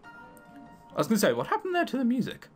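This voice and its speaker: A sarcastic English man tearing into a visual novel with swearing and mockery, his voice swooping wildly between high and low. Quiet game music sits behind him. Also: huge pitch swings, fairly quick. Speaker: gaming YouTuber. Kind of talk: visual novel let's play commentary.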